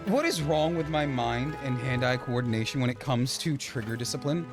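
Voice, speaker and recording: A man's voice: medium pitch, moderate pace. A man streaming a platform game, talking to himself and pleading with the game as he gets frustrated. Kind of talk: live gameplay commentary. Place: home streaming setup. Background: game music.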